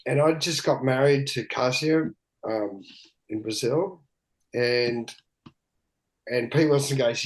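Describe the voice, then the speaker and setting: A man's voice: mid-range voice, slow, pauses often, poor audio. Candid man telling stories. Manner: loose and candid, swears freely, often laughs mid-story. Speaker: podcast guest, big wave surfer. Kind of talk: candid storytelling in casual conversation.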